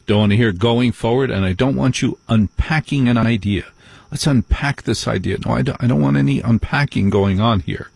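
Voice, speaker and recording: Male late-night radio host, husky, dry close studio mic, chatty and joking with callers. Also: medium pitch, brisk, few pauses, a little mellow, dry recording. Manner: chatty, joking, asides and laughs. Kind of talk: casual call-in radio chat.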